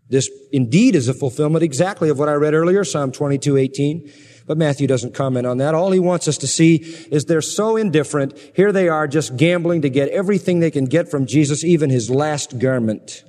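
High-voiced preacher in a reverberant hall. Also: male voice, fairly quick. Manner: preaching with wide swings from loud to hushed. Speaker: pastor. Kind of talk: sermon.

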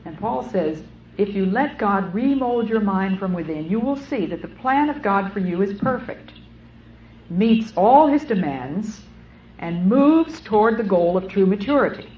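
A middle-aged woman giving an earnest, measured sermon with deliberate phrasing. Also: medium pitch, lively intonation, a little hiss or hum. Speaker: speaker. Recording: muffled old recording in an echoey hall.

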